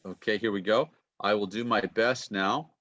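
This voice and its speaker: Over a video call on a computer mic, a university lecturer teaches pronunciation in a fairly low, slightly bright voice at a moderate pace. His intonation stays fairly even as he chats, says "okay" often, and checks in with listeners, with the highs cut off.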